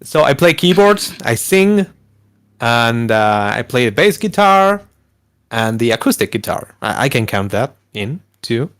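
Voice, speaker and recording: Argentine guy guesting on a call, lively swinging pitch, laughs a lot. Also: measured pace, smooth. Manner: animated, laughing often, self-correcting. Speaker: guest musician. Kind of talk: casual chat.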